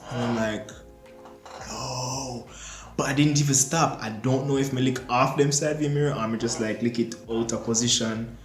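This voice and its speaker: Young man, excitable storytime vlogger acting out his own reactions; roomy echo, soft music underneath. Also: medium pitch, a little fast. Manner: animated, acts out his own panicked reactions. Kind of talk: casual storytime vlog. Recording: echoey room with faint music.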